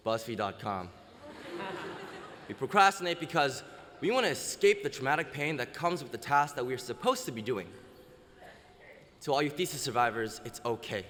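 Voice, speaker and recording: A man's voice: mid-range voice, fairly bright tone, a little hiss or hum. A young man giving a self-deprecating, wry comic speech as a student orator at an outdoor ceremony. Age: young adult. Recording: outdoor PA with long reverb.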